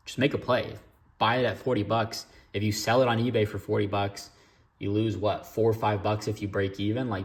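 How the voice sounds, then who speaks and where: A man with a low, gravelly voice talks casually to his viewers. He is chatty and opinionated, drifting into side remarks as he goes. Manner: chatty, opinionated, rambling asides. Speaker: sports card collector vlogger. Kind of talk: casual vlog chat.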